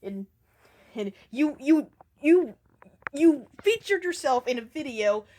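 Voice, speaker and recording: A woman's voice: high voice, expressive, slow pace, mellow, slight background noise. A woman giving a casual commentary rant in reply to another video, sarcastic and profane, with frequent ums.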